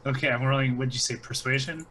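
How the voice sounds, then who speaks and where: A man's voice: mid-range voice, pushed and bright, a little hiss or hum. A man playing a tabletop game, chatting casually and restarting his sentences. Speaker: player.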